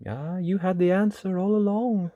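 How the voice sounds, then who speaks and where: Kindly old storybook wizard, gentle and reassuring, voiced by a man. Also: high-pitched, fairly even intonation, moderate pace, dry recording, lo-fi sound, voice pushed up, lightly acted. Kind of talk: storybook read-aloud.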